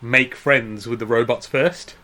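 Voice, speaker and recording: A man's voice: medium pitch, steady tone, measured pace, bright, forceful tone. A man co-hosting a comedy podcast, bantering playfully and laughing often as he riffs on silly ideas. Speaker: podcast co-host.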